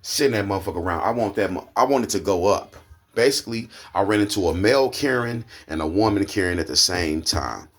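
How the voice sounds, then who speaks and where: A man with an Oklahoma accent ranting angrily to camera, profane and heated, his voice climbing into high indignant peaks. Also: animated, fairly quick, fairly bright tone. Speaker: vlogger. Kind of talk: angry rant to camera.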